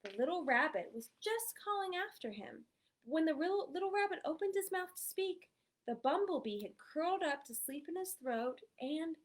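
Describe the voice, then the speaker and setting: A woman from the United States reading a picture book aloud to children, animated and often checking in with "right?". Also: very high-pitched, moderate pace. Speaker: story reader.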